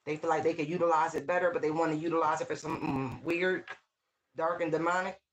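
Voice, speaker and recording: A tarot reader giving a casual channeled reading, talking straight to the viewer with lively exclamations, repeated words and frequent "right?" checks. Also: medium pitch, fast talker, low-quality recording. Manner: talks straight to the viewer, often asking "right?".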